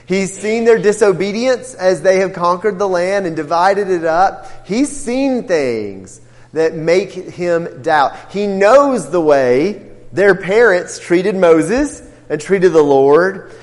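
Leading a Bible class, this man asks the group questions, speaks with emphasis, and performs the characters' lines. His high-sitting voice is animated but slow, trailed by long reverb.

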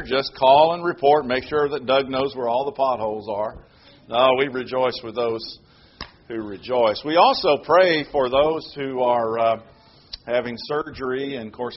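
A man preaching a sermon, moving from quiet prayer announcements to loud, emphatic points. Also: mid-range voice, muffled recording. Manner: animated preaching, shifts between hushed announcements and loud emphatic delivery. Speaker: pastor.

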